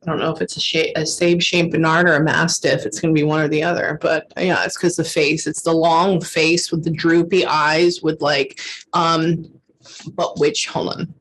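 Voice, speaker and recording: A woman's voice: low-pitched, level tone, normal speed, a bit bright, a little hiss or hum. A woman working as a psychic medium in a casual reading, emotional and swearing freely, often stopping to say hold on. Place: lives in Texas.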